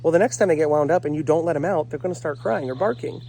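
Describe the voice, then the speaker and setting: A man's voice: fairly high pitch, fast talker, gravelly, mellow, slight background noise. A man working as a dog trainer, talking casually to camera outdoors in the morning, earnest and addressing viewers directly as folks while rattling off lists.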